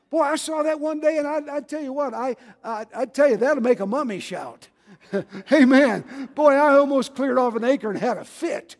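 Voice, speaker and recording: Male preacher, high-pitched, folksy and shouting, in a reverberant church hall. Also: expressive, unhurried. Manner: folksy, rises to shouting, calls for amens. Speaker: pastor. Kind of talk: sermon. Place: church sanctuary.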